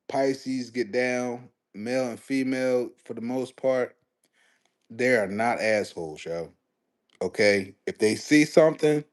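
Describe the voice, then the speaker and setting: A young man hosting a casual live stream, talking sports in a slangy, animated way and answering his chat. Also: on the low side. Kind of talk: casual livestream sports commentary.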